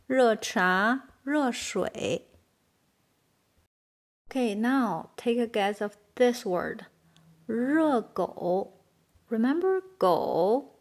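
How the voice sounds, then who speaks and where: A woman teaches a beginner language lesson. She speaks at a very slow, deliberate pace, modeling each example word carefully for learners to copy. Her voice sits slightly high. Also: a little mellow. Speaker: Chinese teacher.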